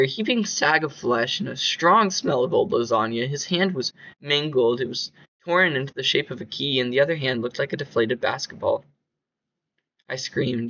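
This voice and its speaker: A man's voice: mid-range voice, pushed and bright, dull audio. A man narrating his own horror story in an amateur reading, with slips and restarts.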